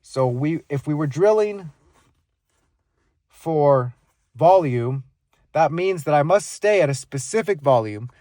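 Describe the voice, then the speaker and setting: Higher-pitched man coaching speech, dry. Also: animated, dark tone, no echo. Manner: deliberate, shifts volume and pitch to demonstrate. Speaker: speaking coach. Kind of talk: instructional monologue with live demonstrations.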